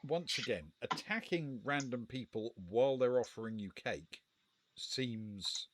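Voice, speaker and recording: A man's voice: medium pitch, a little slow, a little hiss or hum. A man co-hosting a casual live gamebook play-through, reading passages aloud and weighing the choices with dry understatement.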